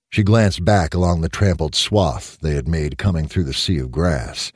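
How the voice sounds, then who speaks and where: A man narrating a short story in an expressive audiobook style. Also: very deep voice, moderate pace, hardly any pauses, slightly rough, no room sound, studio quality.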